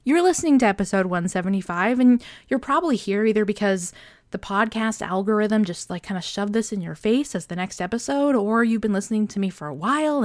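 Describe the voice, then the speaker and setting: A woman's voice: medium pitch, no echo. A woman talks straight into her podcast microphone, chatty and unscripted, drifting from one thought to the next. Her manner is goofy and self-deprecating. The sound is dry and close, with no room around it. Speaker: podcast host. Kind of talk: casual unscripted solo podcast chat.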